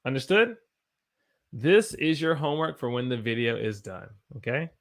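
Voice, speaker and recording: A man's voice: medium pitch, very animated, normal speed, fairly bright tone. A man from the United States teaching English on a live stream, tired after a long day and encouraging as he reads out viewer sentences and corrects them.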